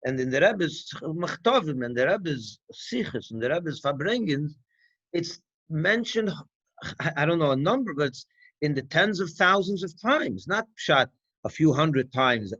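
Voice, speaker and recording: Man, rabbi, higher voice, rhetorical questions, dull dry recording. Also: unhurried, no echo. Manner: conversational, animated teaching with rhetorical questions and restarts. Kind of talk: farbrengen talk.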